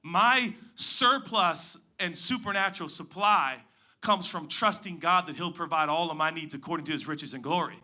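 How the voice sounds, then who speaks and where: A man preaching a sermon as pastor, moving between loud emphatic lines and quiet hushed asides. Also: fairly high pitch, moderate pace. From Pacific Northwest.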